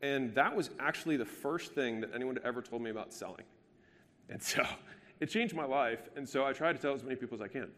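A man's voice: medium pitch, fast, a bit bright. Brash man presenting in an echoing hall. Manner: brash, casual, profane and joking. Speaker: business speaker. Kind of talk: live business presentation. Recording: long hall reverb.

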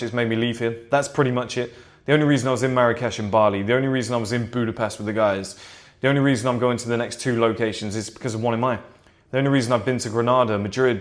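A man sits at home and talks loosely into his own camera. He rambles, swears easily and slides into a confident sales pitch, in a voice of middling pitch. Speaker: vlogger. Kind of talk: casual to-camera vlog. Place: seated at home in a flat. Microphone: camera in front of him.

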